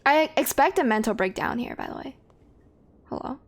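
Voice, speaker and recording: A woman with a high-pitched, animated voice at normal speed streams a video game, with game music in the background. Her casual commentary is blunt and self-deprecating, and she swears often.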